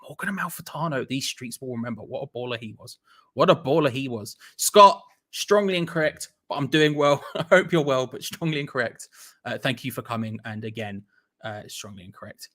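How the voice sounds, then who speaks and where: A man's voice: medium pitch, fairly quick. A young man hosting a live football watch-along, chatting casually and reading out viewers' messages and locations. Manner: chatty, rattles off viewer locations with shout-outs.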